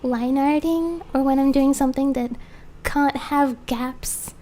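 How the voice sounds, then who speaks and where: A woman's voice: sits high, fairly even intonation, a little slow, dark tone. A young woman streaming while she draws, chatting casually and rambling with frequent giggles. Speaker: streamer and artist. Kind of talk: casual live-stream chat. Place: home, background noise heard. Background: faint lawnmower noise.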